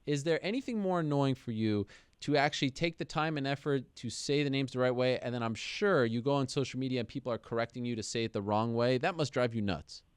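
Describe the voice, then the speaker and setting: Male interviewer, smooth clean voice in a dry room; effusive, trips over repeated words. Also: mid-range voice, quick pace, no room sound. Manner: warm-hearted, effusive, stumbles and repeats words. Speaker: MMA show host. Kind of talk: casual interview.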